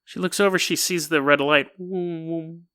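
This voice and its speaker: Man, podcast host, high voice, bright, casual storytelling, laughs as he talks. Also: unhurried, clean tone. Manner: animated, laughs while telling.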